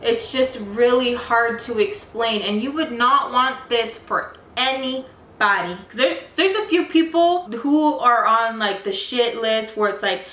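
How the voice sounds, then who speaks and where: In an echoey room with faint noise, a young female vlogger tells a long personal story, rambling and frustrated, filling it with fillers. Her fairly high, fairly bright voice moves a little slowly with lively intonation.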